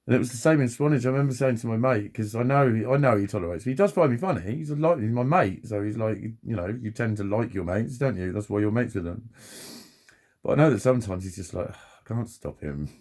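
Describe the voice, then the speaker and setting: A man in his forties with a gravelly, creaky voice rambles through a personal vlog monologue. He swears freely, chats on in loose tangents and laughs at himself along the way, sitting at a mid pitch. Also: quick pace, a little mellow. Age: 40s. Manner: sweary, chatty, self-mocking, laughs often. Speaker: vlogger.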